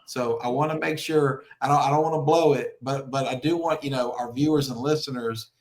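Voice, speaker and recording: Host guy, relaxed, mid voice, chatting easy. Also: mid-range voice, brisk, rough recording. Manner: easygoing, brief reactions. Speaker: podcast host. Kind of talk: casual interview.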